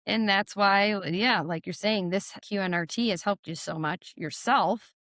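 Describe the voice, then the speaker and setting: Woman podcast host, lively and dry. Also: medium pitch, moderate pace, no room sound. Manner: animated, acts out quotes in a raised voice. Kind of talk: conversational interview.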